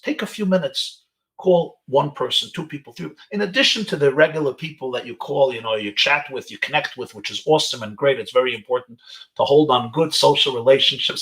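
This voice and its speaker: Briskly and in a fairly bright, medium-pitched voice, a man who is a rabbi gives an inspirational webinar talk to teenagers. His stories are sprinkled with Hebrew and Yiddish expressions.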